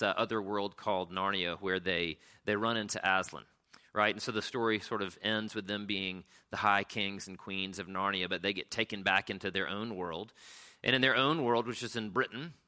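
Man, sermon, casual and halting, lowish pitch, forceful bright tone. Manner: casual, halting, with frequent fillers. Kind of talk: sermon with storybook reading.

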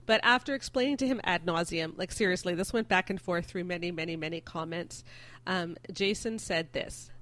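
A woman's voice: lowish voice, moderate pace, fairly bright tone. A woman hosting a casual discussion podcast, earnestly reading listener comments aloud and responding to them. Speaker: host.

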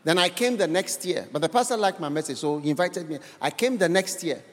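Ghanaian guy preaching, high voice that swings all over, emphatic, fires questions at the church. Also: expressive, brisk, long reverb tail. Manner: emphatic, questioning the congregation, bursts of laughter. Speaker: guest preacher. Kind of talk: sermon.

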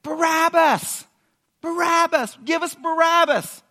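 A loud, shrill mob chants its demand over and over, as a preacher acts it out. The voice jumps high above his speaking range and is pushed hard, bright and cutting. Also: takes it slowly, exaggerated voice. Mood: shouting. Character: shouting angry crowd demanding a prisoner.

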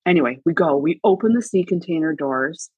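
A middle-aged woman telling a story as a podcast guest, casual and animated, acting out quotes. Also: brisk, husky, dry recording, dull audio. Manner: animated, acts out quotes with big pitch jumps. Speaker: guest, crafting TV personality.

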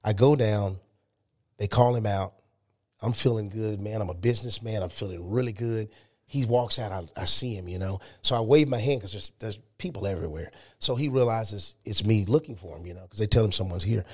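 A man's voice: on the low side, moderate pace. Emphatic storytelling man. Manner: animated, emphatic storytelling with rising excitement. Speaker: guest. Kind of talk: storytelling interview.

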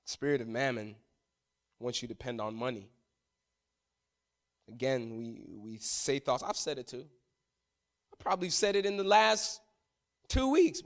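A man preaching as a pastor, swinging between loud emphatic passages and hushed, quiet ones. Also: mid-range voice, animated, a little slow, long pauses. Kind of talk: sermon.

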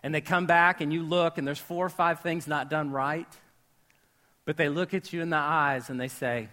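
A man with a high, bright voice delivers a sermon to a live congregation. He talks like he's chatting with friends, cracks jokes and asks the room questions. His voice swells to a shout on the words that matter. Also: moderate pace. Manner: animated, rising to shouts at key words; conversational and joking, asking the audience questions. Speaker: pastor. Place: church with a live audience.

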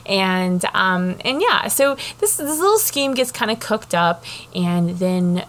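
A woman recaps a novel for her co-host in a loose, chatty style. She swears freely and fills her pauses, and her voice sits mid-range for a woman. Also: mid-range voice, very animated, fairly bright tone. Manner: chatty, profane, lots of fillers. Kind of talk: casual book discussion.

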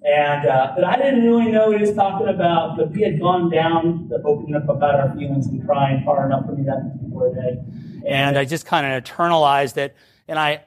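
Man telling a story in a roomy hall. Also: a little high. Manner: informal, many "like" fillers and restarts, lively retelling. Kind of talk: personal storytelling talk. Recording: roomy, distant mic, faint background noise.

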